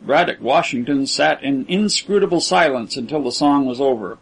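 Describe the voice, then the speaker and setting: A man narrating a story as an audiobook reader, in an even, unhurried manner. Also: medium pitch, gravelly, husky, rough recording. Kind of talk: scripted narration.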